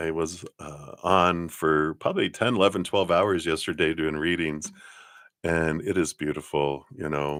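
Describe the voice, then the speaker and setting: A man giving tarot readings on a live stream, chatty and giggly, laughing often and talking warmly about spirit and love. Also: low voice, no echo, studio quality. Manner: warm, affirming, spiritual talk. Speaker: tarot card reader.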